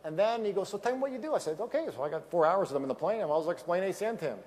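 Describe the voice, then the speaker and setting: A man giving an energetic motivational speech at a sales event, emphatic and repetitive, telling stories from a stage microphone. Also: fairly high pitch, racing, a little hiss or hum.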